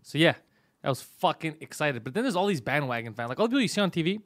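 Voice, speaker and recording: A man hosting a casual comedy podcast, brash and profane, joking fast at a close microphone. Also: on the high side, sing-song, a bit bright, no echo. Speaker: podcast host.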